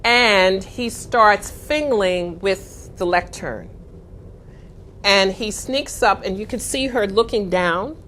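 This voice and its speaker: A middle-aged woman giving a motivational talk, telling a story with dramatic pauses. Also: mid-range voice, a bit bright, slight background noise. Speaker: speaker.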